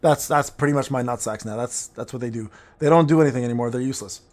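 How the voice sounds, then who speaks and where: A man's voice: medium pitch, quick pace, darkish tone. A man streaming a game and chatting casually with his viewers, joking crudely and rambling between plays. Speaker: gaming streamer reading chat. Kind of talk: casual livestream chatter while playing.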